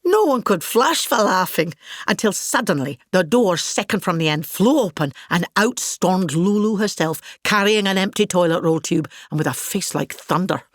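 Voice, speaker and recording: A woman's voice: lowish voice, expressive, moderate pace, no room sound, clean studio sound. A woman with a Scottish accent playing a vain, grandiose older actress in a scripted comic monologue, pompous and gossipy. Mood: grand.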